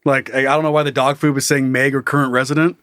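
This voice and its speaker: A man's voice: mid-range voice, level tone, quick pace, a bit bright, no room sound, studio quality. A man co-hosting a comedy podcast, telling crude stories with lots of laughs and little acted-out voices. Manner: crude, giggly storyteller, acts out voices. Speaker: podcast co-host. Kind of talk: casual comedic chat.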